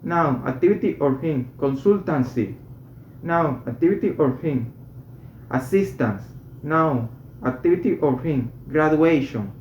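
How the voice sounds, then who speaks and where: A man's voice: fairly high pitch, lively intonation, measured pace, darkish tone. Man, textbook reading, careful, some restarts, muffled lo-fi recording, faint background noise. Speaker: student reading textbook exercises. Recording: echoey room, dull lo-fi sound, faint noise.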